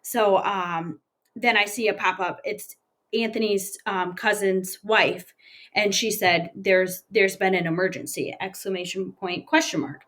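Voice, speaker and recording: A woman in her thirties, an interview guest, recounting a personal story in a plain, halting way with many fillers. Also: medium pitch, fairly even intonation, a bit bright.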